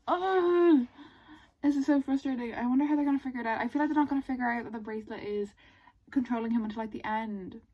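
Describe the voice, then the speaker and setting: A woman chatting casually in a book vlog, excitable and gushing, with exasperated asides. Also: on the high side, rapid-fire, low-quality recording. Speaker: book vlogger.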